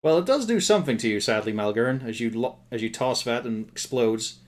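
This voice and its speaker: A man's voice: mid-range voice, expressive, brisk. A man narrating as game master of a tabletop game, with wry, laughing asides.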